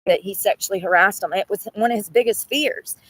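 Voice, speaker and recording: A woman's voice: medium pitch, brisk, a bit bright, rough recording. A woman chatting casually from her car, loose and talkative, with frequent laughter. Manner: laughs constantly while retelling a funny video. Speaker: vlogger. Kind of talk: casual chat.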